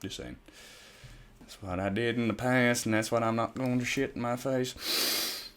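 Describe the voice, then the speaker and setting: A man's voice: mid-range voice, fairly even intonation, unhurried, fairly bright tone, clean tone. A man casually reading a fan story aloud, stumbling over words and breaking off into profane, self-mocking asides. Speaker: fan fiction reader.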